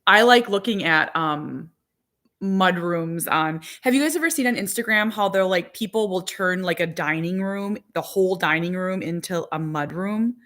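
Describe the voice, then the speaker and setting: Talking loosely to her live audience, this mother of four in her forties vlogs with a lot of "like" in her rambling. Her voice is lowish and fairly bright, delivered at a normal speed.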